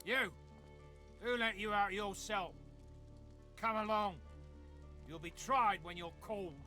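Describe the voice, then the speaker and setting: A man's voice: high-pitched, steady tone, unhurried, bright, forceful tone, soft background music. An actor playing a stern, self-righteous male magister in a video game, speaking indignantly.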